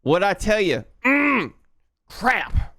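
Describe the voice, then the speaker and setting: A man's voice: sits high, sing-song, slow pace, no room sound, studio quality, pitched above the performer's own voice, heavily acted. A man putting on an exaggerated Southern redneck accent while live coding and talking to his chat. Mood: playful. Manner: loud, playful, drawling, talking to chat. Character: exaggerated Southern redneck coder, male, boastful and folksy. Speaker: livestreaming programmer.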